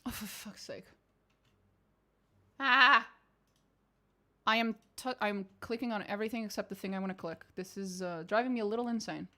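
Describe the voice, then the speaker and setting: She's a young woman on a game live stream, chatting casually with her audience, frustrated and swearing a lot. Her mid-range voice has a sharp tone, moving at a moderate pace with frequent pauses.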